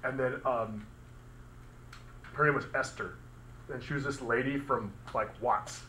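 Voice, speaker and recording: A man's voice: medium pitch, steady tone, unhurried, bright, forceful tone, slight background noise. A man teaching a physics class in a casual, chatty way, asking the students questions and making sound effects. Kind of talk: classroom lecture. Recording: echoey classroom recording.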